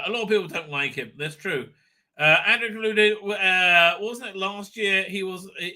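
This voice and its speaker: Male streamer host, high and piercingly bright voice, profane, mocking commentary with sudden shouting. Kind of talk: casual live-stream rant.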